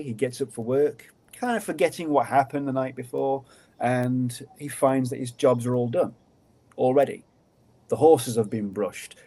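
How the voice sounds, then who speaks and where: Man telling folk tales dramatically. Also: medium pitch. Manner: lively, dramatic storytelling with put-on voices. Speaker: guest storyteller. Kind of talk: oral folk tale narration.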